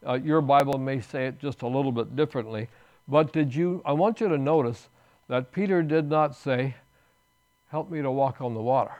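Male pastor, mid-pitched, earnest sermon delivery with emphatic bursts, in church. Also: normal speed, a little mellow, highs cut off. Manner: earnest preaching with restarts, rising to emphatic bursts.

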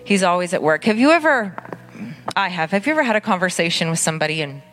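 A woman pastor preaching an earnest, conversational sermon at a church service, with dramatic pauses. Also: fairly low pitch, very animated, a bit bright, soft background music.

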